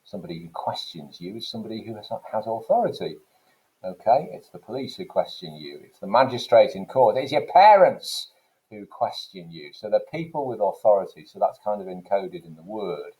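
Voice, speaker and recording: A man's voice: fairly low pitch, very animated, brisk, warm tone, poor audio. A man who teaches English, explaining to students and asking them questions along the way. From England. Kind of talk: recorded classroom lesson.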